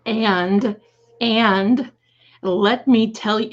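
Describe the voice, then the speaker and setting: A slightly hoarse woman hosting a live stream, chatting fondly with viewers and calling them her darlings. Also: mid-range voice, fairly even intonation, takes it slowly, highs cut off. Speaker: livestream host. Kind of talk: casual livestream chat.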